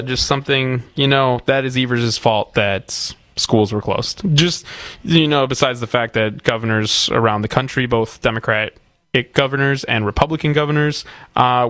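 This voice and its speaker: Measured man co-hosting political talk. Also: medium pitch, fairly bright tone, no echo. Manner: measured, restarts with repeated words. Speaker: co-host of a political talk show. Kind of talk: casual political chat.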